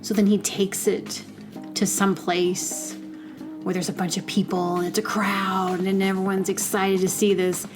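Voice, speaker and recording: A woman's voice: mid-range voice, level tone, a little slow, music in the background. Lady podcast host just rambling along, lots of likes and ums, medium voice. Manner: rambling, chatty, digressive, with many fillers. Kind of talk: casual solo monologue.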